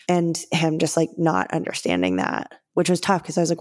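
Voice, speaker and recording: Woman podcast co-host, somewhat low-pitched, open personal storyteller. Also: moderate pace, few pauses, a little mellow. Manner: open storytelling, with many fillers. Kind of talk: casual chat.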